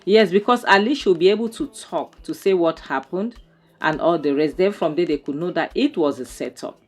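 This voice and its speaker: A woman's voice: on the low side, a little mellow. A woman recapping a film episode in casual commentary. She sounds exasperated and fills her talk with "you know" and "um". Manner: exasperated, talks fast with many fillers and "you know". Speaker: movie reviewer.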